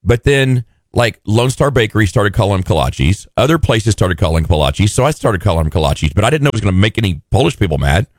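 Male co-host, fairly low and lively voice, wry and jokey, dry close sound. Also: fast, hardly any pauses, dry recording. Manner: joking, wry asides. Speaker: radio show co-host. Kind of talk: casual chat.

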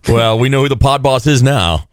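A man hosting a radio morning show, trading jokes and quick quips with his co-host. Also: mid-range voice, expressive, no room sound, clean studio sound. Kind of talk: casual morning radio banter. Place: radio studio.

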